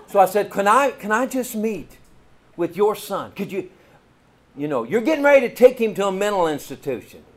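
A man's voice: high-pitched, moderate pace. Folksy Kentucky preacher man. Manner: folksy, animated, calls out "Amen?" to the congregation. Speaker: pastor. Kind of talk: storytelling sermon.

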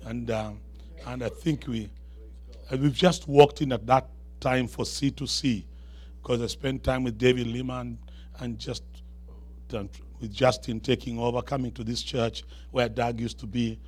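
A man's voice: medium pitch, steady tone, a little mellow. African-accented man preaching a sermon. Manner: builds to raised, emphatic declarations with call-and-response; quick asides with humor to the congregation. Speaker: guest preacher.

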